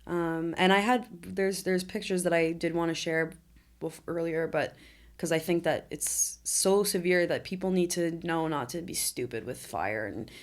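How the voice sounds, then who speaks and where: A woman's voice: lowish voice, normal speed. A woman in her twenties, a podcast guest, telling her story candidly and earnestly in conversation. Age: 20s. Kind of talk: conversational interview.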